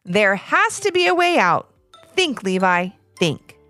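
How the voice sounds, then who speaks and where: A woman's voice: mid-range voice, very animated, unhurried, sharp tone, soft background music. A woman voicing a mother who calls out and speaks firmly. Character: worried mother, firm but caring.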